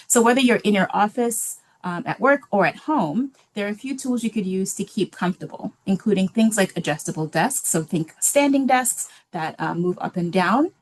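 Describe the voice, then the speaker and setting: A woman presenting a library webinar in a relaxed, casual way, with many filler ums. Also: mid-range voice.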